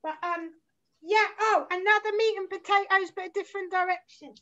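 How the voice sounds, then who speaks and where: Woman, London accent, forties, high-pitched, rambling and sweary, slightly dull recording. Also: steady tone, normal speed, sharp tone. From South London, England. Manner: rambling, sweary, enthusiastic storytelling. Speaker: guest musician. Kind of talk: casual chat. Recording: slightly muffled lo-fi sound.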